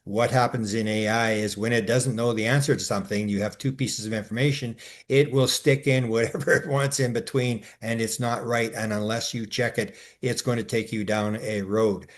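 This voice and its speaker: A man co-hosting a casual discussion, talking in long rambling stretches full of restarts and filler sounds, and growing animated as he recounts his exchanges. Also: lowish voice, normal speed. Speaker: co-host.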